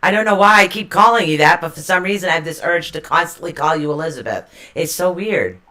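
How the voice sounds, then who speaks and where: A woman's voice: lowish voice, fast talker, pushed and bright. A woman with a Boston accent hosting a casual live stream chat, rambling and chatty, stuffy with allergies.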